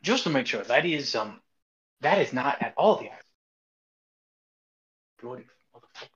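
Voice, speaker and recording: Brash excitable man, muffled mic. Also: medium pitch, normal speed. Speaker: player. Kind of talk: tabletop game chat.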